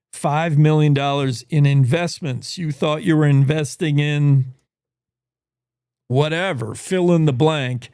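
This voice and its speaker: Man hosting a talk show, folksy and wry, fairly high voice, dry close sound. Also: a little mellow, dry recording. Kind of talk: conversational news commentary.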